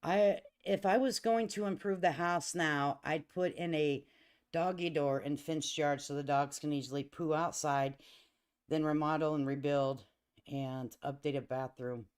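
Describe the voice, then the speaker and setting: A woman's voice: low voice, a little slow, smooth. A chatty woman host who laughs a lot. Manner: laughs often, lively and emphatic, addresses listeners as honey and baby. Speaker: livestream host. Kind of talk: casual storytelling chat with viewers.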